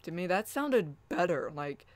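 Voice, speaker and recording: Slow, rambling woman vlogger. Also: fairly low pitch, sing-song. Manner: laughing, rambling, with repeated restarts. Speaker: channel host. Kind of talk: casual vlog chat.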